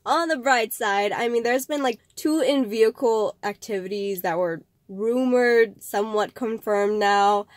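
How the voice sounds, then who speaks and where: A woman's voice: fairly high pitch, a little slow, few pauses, no room sound, clean studio sound. A woman hosting a casual vlog, rambling in a chatty way with frequent laughs and filler words. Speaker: vlog host.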